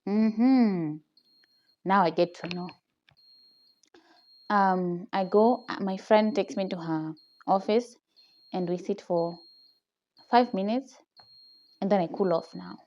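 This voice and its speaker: Unhurried and warm, her mid-range voice leaves long pauses, while the phone camera cuts off the highs. This young woman with a Kenyan accent shares a personal story in a casual vlog, telling it with animation, laughing a lot and often adding "okay?".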